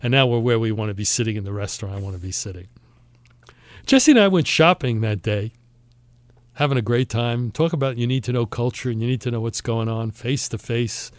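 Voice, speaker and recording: A male podcast host relishes telling a travel anecdote, animatedly acting out the voices of the people he quotes in a storytelling chat. His voice sits at an ordinary middle pitch and moves a little fast. The sound is close and dry, with no room sound at all.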